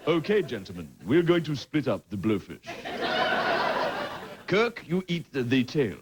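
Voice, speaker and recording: A grave, commanding starship commander handing out orders to his crew, as a man puts him on. The voice sits a little lower, with loud noise under the recording. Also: very animated, measured pace, over a noisy crowd. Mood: mock-grave. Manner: mock-solemn, commanding.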